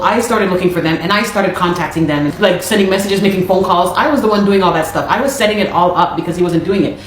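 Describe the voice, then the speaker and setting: A woman's voice: on the low side, a little hiss or hum. Canadian woman telling her story in an echoey room. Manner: animated, exasperated retelling with repeated phrases. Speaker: interviewee. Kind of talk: casual storytelling.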